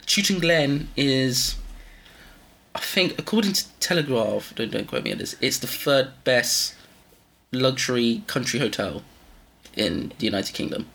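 Bright-voiced rambling man podcaster. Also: medium pitch, expressive, measured pace, vocal fry. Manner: rambling, self-interrupting, laughing. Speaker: podcast co-host. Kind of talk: casual chat.

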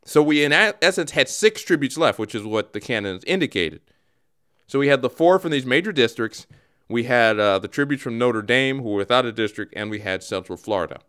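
A man hosting a comedic radio show, explaining things in a mock-solemn, deadpan way. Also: medium pitch, a little fast, clean tone.

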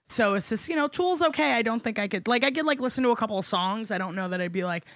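A woman's voice: on the high side, quick pace, no echo, clean studio sound. A woman from New York City with a New York accent, a guest comedian chatting bluntly and profanely on a podcast. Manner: blunt, profane, animated storytelling. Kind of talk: casual podcast chat.

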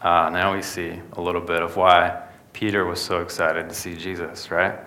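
A man's voice: low-pitched, level tone, normal speed, sharp tone. A young man preaching a sermon in a conversational way, often tossing in rhetorical asides to the listeners. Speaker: pastor.

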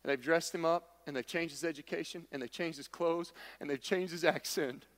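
A man's voice: on the high side, brisk, a bit bright, long reverb tail. A man preaching a sermon, emphatic and repetitive, with folksy humor. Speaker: pastor.

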